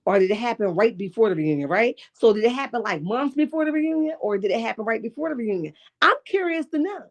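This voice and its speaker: Sassy raspy-voiced woman recapping gossip. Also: fairly high pitch, lively intonation, quick pace. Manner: sassy, profane, rhetorical asides with "okay?" and "right?". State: raspy this morning. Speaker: reality TV commentary host. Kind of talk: casual reality-show recap with live chat.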